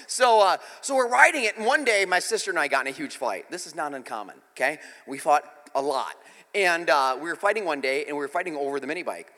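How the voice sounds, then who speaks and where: A man with a high, bright voice tells a self-mocking story from the pulpit and then moves into his sermon. His manner is animated and full of storytelling. His voice carries a long hall reverb. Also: quick pace. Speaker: pastor.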